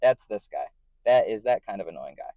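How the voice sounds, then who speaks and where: A man's voice: on the low side, lively intonation, a little fast, mellow, no room sound, highs cut off. A man in a casual monologue, talking to camera as a vlogger, rambling, correcting himself and checking in with the listener. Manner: rambling and self-correcting, often checking in with "right?".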